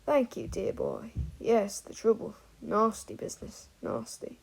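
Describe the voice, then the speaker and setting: A woman's voice: fairly high pitch, very animated, a little slow, gravelly, darkish tone, slightly rough, full character voice. A woman reading an audiobook, voicing a drunk, rambling old wizard man who slurs and blusters. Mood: blustering. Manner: slurring, blustering.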